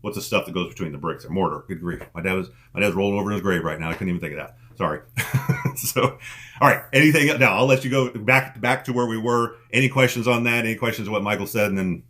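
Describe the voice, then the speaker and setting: A man's voice: on the low side, quick pace, sharp tone. A man giving a motivational coaching talk on an online team call, emphatic and repeating his key lines for effect.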